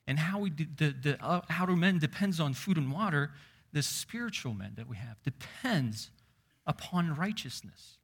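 A man preaching a sermon. He slows down on key words and keeps asking his listeners questions. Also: fairly high pitch, lively intonation, creaky, slightly rough. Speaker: pastor.

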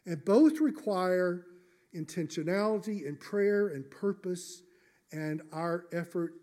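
A male pastor preaching a sermon in church, measured and emphatic, slowing down on key phrases. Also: a little high, a little mellow.

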